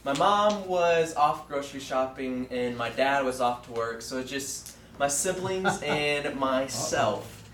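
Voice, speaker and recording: A young man giving a student sermon in a classroom. He tells a childhood story earnestly, with frequent fillers and pauses. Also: medium pitch, animated, noisy background. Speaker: student preacher. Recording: roomy echo from far off.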